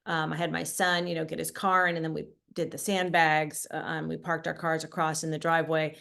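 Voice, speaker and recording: A middle-aged woman telling a personal story in a halting way, with many fillers, going quiet at the hardest parts. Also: sits low, little pitch movement, vocal fry. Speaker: guest author. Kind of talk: personal testimony.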